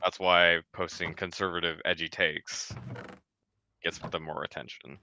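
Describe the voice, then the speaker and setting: A man's voice: sits low, little pitch movement, unhurried, pushed and bright, a little hiss or hum. A man chatting on a livestream, laid-back, explaining his view with small chuckles. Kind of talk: casual livestream chat.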